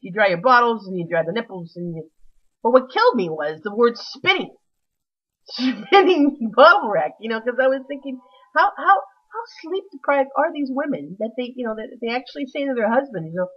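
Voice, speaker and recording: A woman's voice: mid-range voice, fairly quick, muffled recording. A woman telling a rambling, self-mocking comic story with many restarts.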